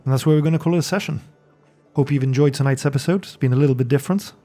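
A man narrates a fantasy tabletop game in a measured, storytelling manner. His voice is mellow and warm, with faint music underneath. He speaks from a podcast studio. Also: mid-range voice. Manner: measured storytelling, then chatty sign-off. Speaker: game master and podcast host.

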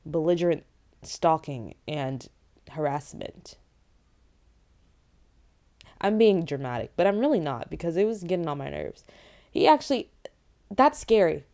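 A woman's voice: sits low, unhurried, pauses often. Young woman ranting late night, lots of likes, fed up but laughing it off. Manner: animated, exasperated, rambling with many likes. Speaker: vlogger. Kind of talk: late-night casual storytelling.

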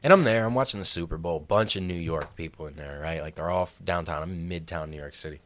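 Brief: podcast co-host, early twenties, very deep voice, loose and profane. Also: male voice, quick pace, slight background noise. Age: 20s. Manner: rambling, laid-back, swears freely. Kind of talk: casual storytelling chat.

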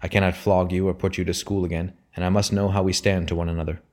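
A man's voice: deep voice, flat delivery, quick pace, lightly acted. A man voicing a curt, obstinate old father who turns ironic and roars in anger. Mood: stern. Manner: growling, ironic, roaring in anger. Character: gruff stern old father, curt and irate.

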